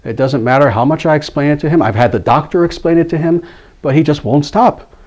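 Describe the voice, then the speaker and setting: An anxious mother begging for help, hesitant and stammering, put on by a male speaker. Her voice sits a little higher than a plain man's talk. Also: fast talker, a little mellow, highs cut off, lightly acted. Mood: pleading. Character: worried pleading mother, middle-aged woman.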